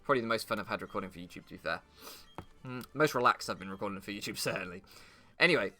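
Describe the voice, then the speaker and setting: A man's voice: on the low side, rapid-fire, pushed and bright, faint music behind. A man doing comedic, rambling commentary while he plays, swearing often and laughing at his own jokes. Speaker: gaming YouTuber.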